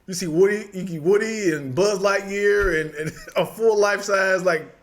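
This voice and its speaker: A man co-hosting a casual podcast, rambling excitedly and laughing through his stories. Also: high voice, unhurried. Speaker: podcast co-host. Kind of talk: casual chat.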